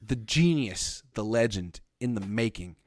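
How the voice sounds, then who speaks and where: A man's voice: on the low side, expressive, unhurried, dry recording, studio quality. A man hosting a casual sports talk show, blunt and sarcastic, reading viewer comments aloud. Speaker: podcast host.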